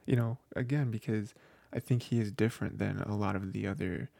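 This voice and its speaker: A man's voice: fairly low pitch, fairly even intonation, brisk, vocal fry, mellow, no room sound. A man co-hosting a book podcast, talking casually and rambling with lots of fillers. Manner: rambling, filler-heavy, with many "you know" and "like".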